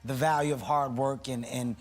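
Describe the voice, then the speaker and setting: A man's voice: medium pitch, fairly even intonation, moderate pace. A man telling a talk show anecdote in an earnest way that breaks into laughter.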